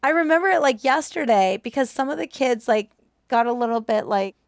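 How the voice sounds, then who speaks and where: Woman co-host, expressive and animated, higher voice, dry close mic, casual chat. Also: brisk, creaky, dry recording. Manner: animated, emotional, acts out quoted voices. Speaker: movie reaction co-host.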